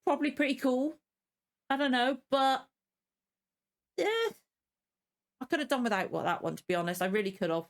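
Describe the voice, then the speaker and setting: Woman, reaction vlogger, rambling, frank, irritated, fillers and restarts, slightly high voice. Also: lively intonation, moderate pace, long pauses. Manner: openly annoyed, venting. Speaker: reaction channel host. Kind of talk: casual reaction commentary.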